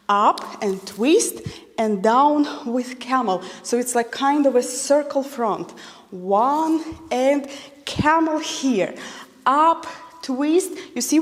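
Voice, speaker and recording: A woman teaching a belly dance technique, a non-native English speaker counting beats and calling moves. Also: high voice. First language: not English. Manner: counts beats aloud, slow deliberate cueing. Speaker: dance instructor. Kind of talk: instructional dance class. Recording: long reverb in a large room.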